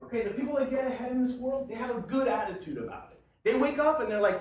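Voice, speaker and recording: A man's voice: very high-pitched, fast, few pauses, darkish tone, slight background noise. A man telling joking, blunt stories and swearing freely as he speaks to a networking meeting with an audience. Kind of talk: humorous motivational storytelling to a group. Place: meeting room with a live audience. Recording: echoey room from far off with crowd.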